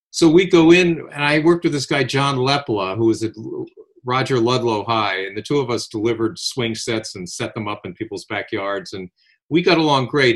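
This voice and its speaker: An older man casually telling long, rambling personal anecdotes, animated, with restarts and quoted dialogue. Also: medium pitch. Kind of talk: casual conversational storytelling.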